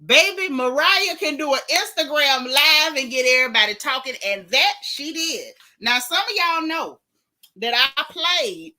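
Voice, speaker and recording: A woman with a bright, forceful voice pitched a little high hosts a casual gossip vlog. She talks straight to her viewers with sassy, blunt teasing and reads out their comments to answer them. Her tone is chatty and unfiltered. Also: lively intonation, a little slow.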